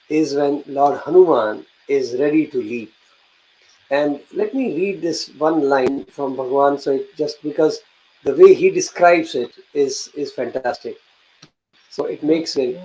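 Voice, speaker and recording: Host man talking devotion, mellow and slightly high, thoughtful explaining. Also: low-quality recording. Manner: reflective, explanatory, reads scripture aloud. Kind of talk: devotional discussion talk.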